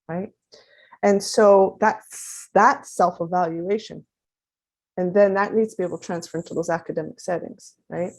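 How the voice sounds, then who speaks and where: A woman in her fifties giving a conference talk as a parent advocate, animated and acting out quoted dialogue as she explains. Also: lowish voice, moderate pace. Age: 50s.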